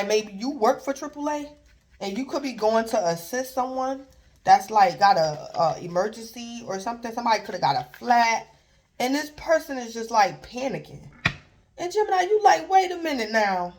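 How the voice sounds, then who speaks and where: A woman giving a casual tarot reading, rambling and repeating herself, filling gaps with "like" and little chuckles. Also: mid-range voice. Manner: rambling and repetitive, filler "like", chuckles; acts out imagined callers in brief quoted voices. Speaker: tarot reader.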